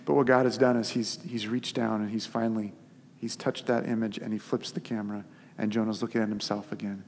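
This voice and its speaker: A man preaching a sermon as a pastor, telling the story in an animated, conversational way. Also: lowish voice, brisk. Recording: long hall reverb.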